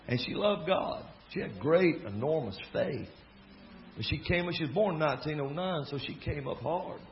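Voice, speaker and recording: A man's voice: a little high, normal speed. Folksy Southern man preaching a story. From American South. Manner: folksy, animated storyteller with laughing asides. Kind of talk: storytelling sermon. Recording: dull lo-fi recording with faint crowd and noise. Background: faint audience laughter.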